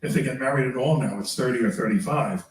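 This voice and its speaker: Older priest giving a chatty lecture, chuckles a lot, sounds far from the mic in a boomy room. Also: male voice, quick pace, roomy sound, slight background noise. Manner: chatty, chuckling, tags remarks with "all right?". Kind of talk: lecture with personal anecdotes.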